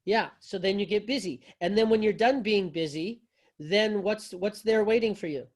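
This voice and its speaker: A man's voice: high voice, moderate pace. A man teaching yoga philosophy to a class, talking loosely and conversationally, with folksy phrasing and frequent restarts.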